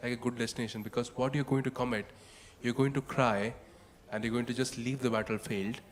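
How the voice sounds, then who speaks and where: A man's voice: mid-range voice, steady tone, brisk, big-room sound. A man giving a casual talk on scripture, chanting verses and then explaining them with many fillers like "like" and "you know.". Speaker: devotional speaker explaining scripture. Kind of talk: casual spoken scripture commentary.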